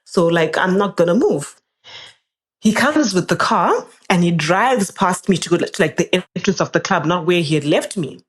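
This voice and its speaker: Animated woman telling a story. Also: normal speed. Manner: animated, jumps up in pitch when quoting people. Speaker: podcast guest. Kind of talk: casual storytelling.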